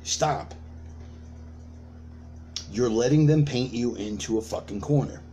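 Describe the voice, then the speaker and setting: A man's voice: medium pitch, slow, mellow, a little hiss or hum. A man delivering a ranting sermon, profane and emphatic, building points with repetition and rhetorical questions. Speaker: preacher of an online sermon.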